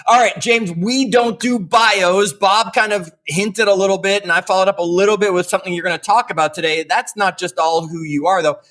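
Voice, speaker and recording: A man's voice: high-pitched, steady tone, fairly quick, hardly any pauses, a bit bright. A man co-hosting a podcast, chatting in an upbeat way. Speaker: podcast co-host. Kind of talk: podcast interview.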